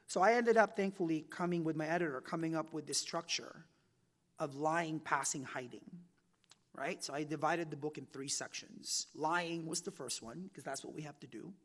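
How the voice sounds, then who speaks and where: A man in his forties from the Philippines, an author giving a chatty campus talk that leans on "right?" and "like", his loudness rising and falling a lot. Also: fairly high pitch, moderate pace, big-room sound. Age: 40s. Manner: chatty, often tags "right?" and "like", loudness swings widely. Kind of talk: conversational public talk. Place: university event room.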